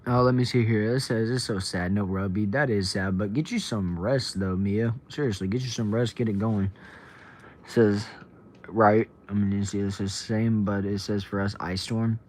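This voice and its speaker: A young man from Texas hosts a casual livestream, reading comments aloud and greeting viewers by name. His voice sits fairly low, and his delivery stays laid-back and chatty. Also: steady tone, moderate pace, darkish tone, a little hiss or hum. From Texas, USA. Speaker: livestream host.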